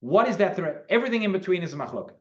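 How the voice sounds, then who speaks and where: A man as a rabbi teaching a class in a synagogue, explaining in an animated way and restarting his sentences often. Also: high voice, very fast. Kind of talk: Talmud class, explaining and debating. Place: synagogue hall. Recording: lo-fi recording.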